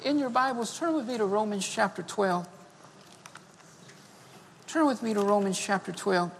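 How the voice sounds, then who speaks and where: Leading an altar call during his sermon, a fervent pastor repeats key phrases, marking them with "amen" and "beloved." His voice is gravelly and medium in pitch at a moderate pace, with a little hiss or hum and the long reverb of a large hall.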